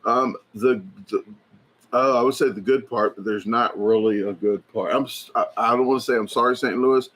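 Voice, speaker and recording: A man hosting a casual livestream, rambling and chatty as he reads viewer comments aloud, filling pauses with lots of fillers and restarts. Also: mid-range voice, steady tone, fairly bright tone. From United States. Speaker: livestream host. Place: indoors at a hobby shop.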